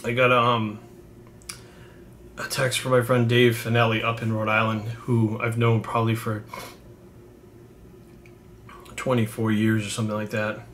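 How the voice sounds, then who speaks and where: A man's voice: fairly low pitch, monotone, moderate pace, fairly bright tone, a little hiss or hum. A man in his forties from New England, telling a casual story to camera in a rambling, profane way with many fillers. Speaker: fitness coach.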